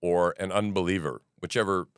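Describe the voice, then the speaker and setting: A man's voice: deep voice, a little fast, clear, resonant tone, no room sound, studio quality. A middle-aged man hosting a podcast, rambling through news commentary with profanity, restarts and asides. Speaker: podcast host.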